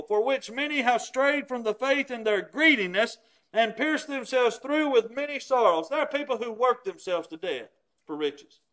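Preacher, male, very high voice, emphatic teaching sermon delivery. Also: a bit bright. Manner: emphatic, explains scripture with everyday examples.

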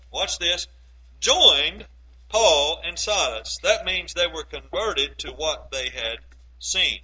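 On a low-quality recording, a preacher cites scripture and alternates between booming, emphatic lines and hushed asides.

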